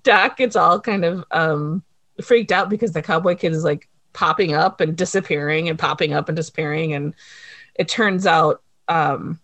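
A woman with a fairly low voice, casually recapping a TV episode in an animated way. She laughs often and jumps into the characters' lines as she goes. The sound is dry and close to the mic. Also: moderate pace, dry recording. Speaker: podcast co-host recapping a TV episode. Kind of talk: casual chat.

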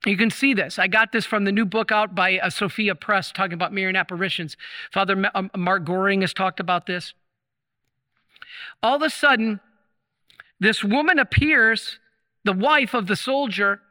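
Impassioned preacher in a reverberant chapel. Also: male voice, sits high, sharp tone. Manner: impassioned, emphatic preaching with slow stressed phrases. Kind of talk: sermon.

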